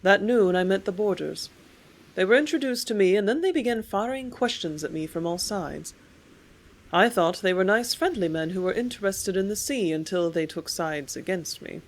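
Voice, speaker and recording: A woman reads an old first-person memoir aloud as an audiobook. Her delivery is steady storytelling, with the quoted lines read out with more life. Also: medium pitch, moderate pace. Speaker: audiobook narrator.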